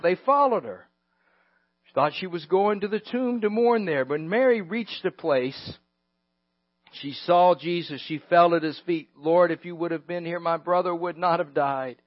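High voiced guy preaching, goes quiet then loud, chuckles, dry close sound. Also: dry recording. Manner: dynamic, swinging from hushed to loud, with chuckles. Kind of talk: sermon. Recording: dull lo-fi recording.

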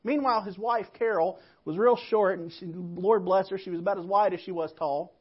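A woman pastor preaching a sermon, telling stories and moving between quiet reflection and emphatic calls to the church. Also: mid-range voice, brisk, breathy edge, highs cut off.

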